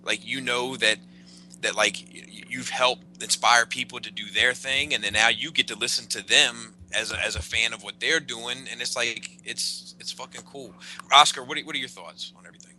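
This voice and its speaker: A man co-hosting a casual podcast, halting and restarting often, with fillers and swearing. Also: medium pitch, sharp tone, slight background noise, rough recording. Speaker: podcast co-host.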